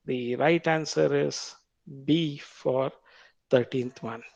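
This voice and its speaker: Gravelly Indian man teaching biology. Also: medium pitch, fairly even intonation, darkish tone, no room sound, highs cut off. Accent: Indian English. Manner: repeats each question slowly, explains patiently. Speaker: biology lecturer. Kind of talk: quiz-style classroom lecture.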